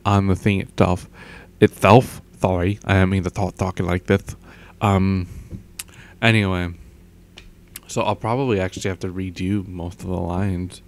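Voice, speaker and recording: Rambling young man with a lowish voice. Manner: rambling, halting, many restarts. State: tired, overworked throat. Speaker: vlogger. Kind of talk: casual vlog monologue. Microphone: microphone with pop filter.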